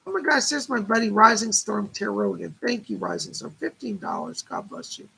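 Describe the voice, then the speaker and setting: Male psychic host, very gravelly and husky, chatty, reads viewer questions and relays spirit messages. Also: sits high, animated, fairly quick, pushed and bright. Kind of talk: live-stream psychic readings.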